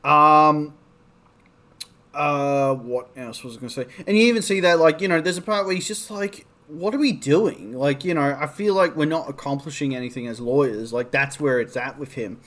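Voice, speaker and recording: A man's voice: fairly high pitch, moderate pace, fairly bright tone. Rambling young man with a stuffy nose. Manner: rambling, lots of ums and likes, swears freely. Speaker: TV show reviewer. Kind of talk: casual spoken review.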